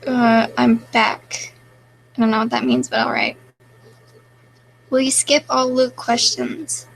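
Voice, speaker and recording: Young woman with a gravelly, fry-laced voice. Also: high-pitched, fairly even intonation, measured pace, poor audio. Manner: reads viewer questions aloud and answers offhandedly. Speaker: live streamer. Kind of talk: casual live-stream chat.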